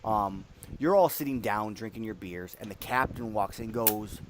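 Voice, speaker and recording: A man's voice: on the low side, moderate pace, slight background noise. A young man narrating as game master of a tabletop game, talking loosely with plenty of fillers.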